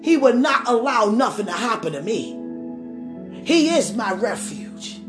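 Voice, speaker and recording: A woman preaching a sermon with passion, rising to shouts and calling on the congregation. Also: fairly high pitch, sing-song, a little slow. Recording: echoey room with faint music.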